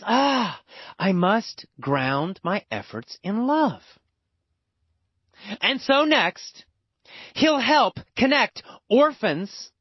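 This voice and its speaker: Here a male English teacher gives a slow, emphatic storytelling lesson, animated and repetitive with exaggerated pitch swings. The sound is dry, dull and lo-fi.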